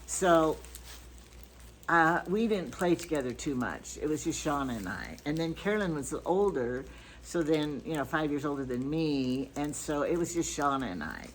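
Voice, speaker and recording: A woman's voice: deep voice, animated, normal speed, a little hiss or hum, low-quality recording. An older grandmother chatting casually through a shopping haul, rambling from item to item with stories and asides. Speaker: vlogger.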